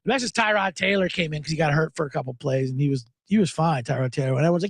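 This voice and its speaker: A man's voice: a little high, racing, few pauses, no echo. A man hosting a sports betting podcast, rambling and joking profanely in a casual monologue. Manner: profane, joking, rambling, breaks into mock impressions.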